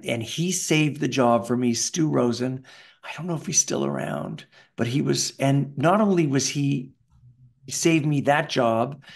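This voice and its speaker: A middle-aged Canadian man telling animated stories in an interview, acting out the people in them. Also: medium pitch, gravelly. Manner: animated, does voices of people in his stories. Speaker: voice actor guest. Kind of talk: anecdotal interview storytelling.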